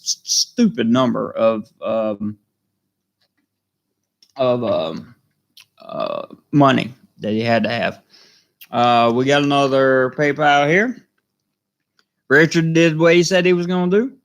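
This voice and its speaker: A man with a Southern American drawl and a gravelly edge to his voice talks loosely to his live-stream viewers. He reads their comments aloud, wanders with plenty of ums and uhs, and thanks them over and over at a middling pitch. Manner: rambling, many fillers, warm thanks to viewers. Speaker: vlogger hosting a live stream. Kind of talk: casual live stream chat reading comments.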